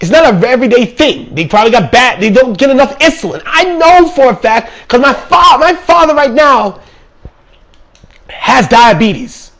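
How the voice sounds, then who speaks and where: A young man delivering an angry, sarcastic, profanity-filled comedic rant, mocking and shouting at his listeners. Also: very high-pitched, animated, normal speed. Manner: angry, sarcastic, swearing constantly, shouts and mocks. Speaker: vlog ranter.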